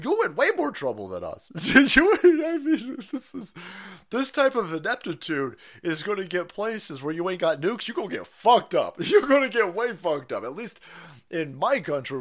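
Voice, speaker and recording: A foul-mouthed man hosting a live stream, his voice sitting a little high and bright with a forceful edge. He rants, mocks and laughs his way through commentary, swinging all over his pitch and bursting into loud yells. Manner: excitable, swings into loud outbursts. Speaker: livestream host.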